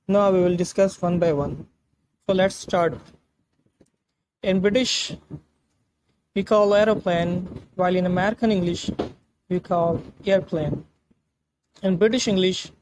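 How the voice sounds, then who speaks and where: A man teaching a vocabulary lesson, reading word pairs in a slow, list-like way with pauses. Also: high voice, darkish tone, a little hiss or hum, rough recording. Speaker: English teacher.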